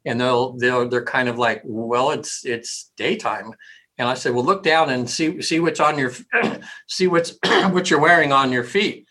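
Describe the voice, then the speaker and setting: A man, a hypnotherapist, speaking casually and rambling in an interview, with frequent throat clearing. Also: mid-range voice, moderate pace, bright, forceful tone, poor audio.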